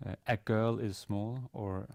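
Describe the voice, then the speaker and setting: A man with a lowish, mellow voice lectures on grammar at a university, pausing often with hesitant fillers and restarting his sentences. The sound is dry and close, with almost no room echo. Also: fairly even intonation, gravelly. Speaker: Arabic teacher.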